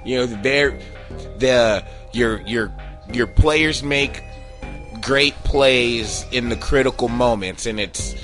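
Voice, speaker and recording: A man's voice: medium pitch, slow, a bit bright, soft background music. A man in casual sports chat, talking in an easygoing way with loose slang.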